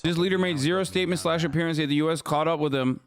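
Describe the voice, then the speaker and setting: A man's voice: fairly high pitch, racing, clear, resonant tone, dry recording, studio quality. A man streaming reactions to news clips, ranting in a casual, profane, sarcastic way. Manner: profane, sarcastic, animated rants.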